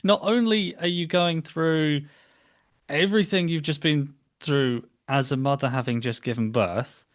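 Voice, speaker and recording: A man hosting a podcast, responding with sympathy in halting sentences that repeat words. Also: on the high side. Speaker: podcast host. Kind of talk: interview chat.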